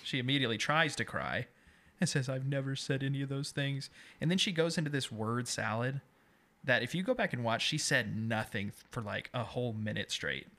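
A man co-hosting a podcast, recapping a TV show in casual chat and telling the story in an animated way with hesitant restarts. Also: medium pitch, a little fast. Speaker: podcast co-host.

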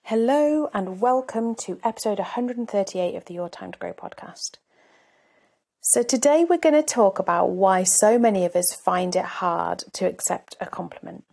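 A woman's voice: medium pitch, creaky, a little mellow. A woman coach hosting her own podcast, talking candidly and reflectively in a conversational way. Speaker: life coach and podcast host. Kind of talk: solo podcast talk.

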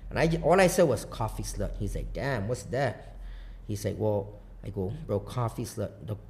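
A man from Guam telling stories in a loose, profane, rambling way, laughing loudly at his own punchlines. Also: lowish voice, lively intonation, normal speed. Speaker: podcast guest, coffee bar founder. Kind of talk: casual storytelling chat.

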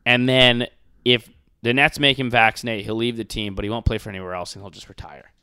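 This podcast host talks briskly in a medium-pitched, clean-toned voice on a dry recording, ranting casually with crude, profane jokes and mocking impressions in an animated way.

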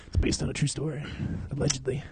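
A man's voice: medium pitch, level tone, quick pace, mellow, husky. A young man co-hosting a podcast in casual chat, rambling, slangy and laughing often. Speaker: podcast co-host.

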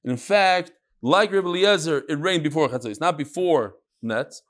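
A man's voice: a little high, animated, moderate pace, fairly bright tone. A man teaching an informal Gemara class, telling stories and explaining with Hebrew and Yiddish terms. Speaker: Talmud teacher.

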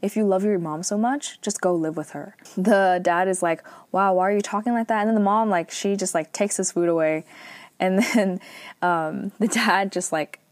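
A woman's voice: mid-range voice, normal speed, no room sound. A woman casually recapping a drama episode, chatty and full of fillers.

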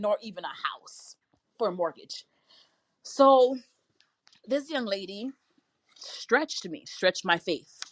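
A woman's voice: medium pitch, fairly bright tone. A woman casually telling a personal story to her viewers, acting out quoted dialogue and laughing now and then. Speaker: vlogger.

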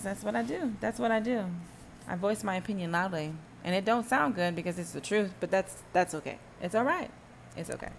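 A woman's voice: mid-range voice, creaky, slight background noise. A woman hosting a solo podcast, ranting emphatically and sarcastically, firing rhetorical questions and humming asides. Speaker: podcast host.

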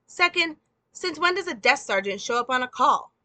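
A woman's voice: mid-range voice, animated, normal speed, bright, forceful tone, no room sound. A woman reading the lines of a sarcastic, hard-bitten male police detective from a script in a dry, mocking way.

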